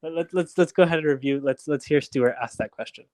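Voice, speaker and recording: A man's voice: fairly high pitch, fast, darkish tone, dry recording. A man co-hosting a livestream, chatting casually about politics in a blunt, opinionated way, often restarting his sentences. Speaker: livestream co-host. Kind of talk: casual political commentary chat.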